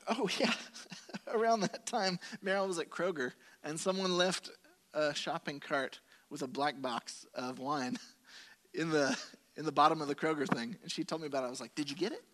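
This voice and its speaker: A male pastor preaching a sermon, telling a personal story with animated quoted asides and humor. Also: on the high side.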